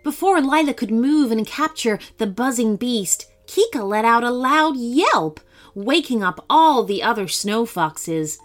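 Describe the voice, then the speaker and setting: A woman reads a bedtime story aloud at a slow, unhurried pace, her voice rising and falling with lively expression. Soft music plays faintly behind her. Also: fairly high pitch. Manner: slow, expressive, dramatic reading. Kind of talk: children's story narration.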